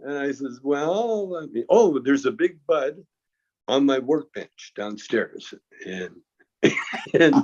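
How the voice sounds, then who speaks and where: In a dull lo-fi recording, a male guest with a creaky mid-range voice relaxes into a long anecdote. Chuckles punctuate his telling, and he stumbles and restarts his phrasing often.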